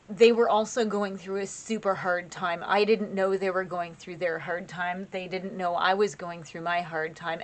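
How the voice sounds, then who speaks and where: Speaking with a medium pitch and a fairly bright tone, a tarot reader chats encouragingly with her viewers, calling them "you guys." Her phrasing is loose and full of fillers and restarts.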